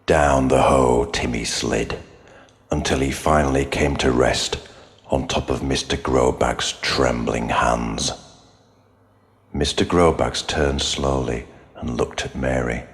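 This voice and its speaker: A man's voice: a bass voice, steady tone, slow pace, big-room sound. A man reading a comic story aloud in an exaggerated, dramatic storybook manner.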